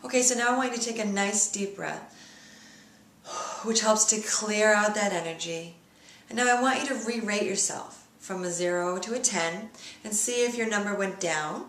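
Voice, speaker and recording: A woman leading a guided tapping lesson, speaking slow repeat-after-me phrases as a coach. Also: medium pitch, fairly bright tone, reverberant, a little hiss or hum.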